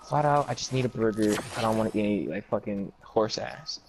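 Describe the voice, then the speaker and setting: A man's voice: fairly low pitch, moderate pace, gravelly, noisy background. A man telling a long comic story in casual chat, rambling and profane, acting out what others said.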